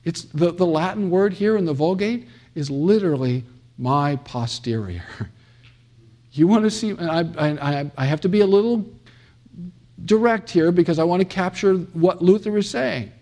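A man's voice: high voice, expressive, normal speed, darkish tone. A middle-aged man from the United States giving a classroom theology lecture, emphatic, with many fillers and restarts and dramatic quoting.

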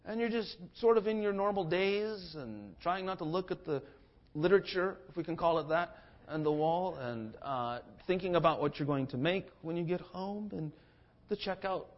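A pastor preaching a sermon, shifting between hushed passages and forceful declarations. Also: male voice, high-pitched, normal speed. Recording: dull lo-fi sermon recording.

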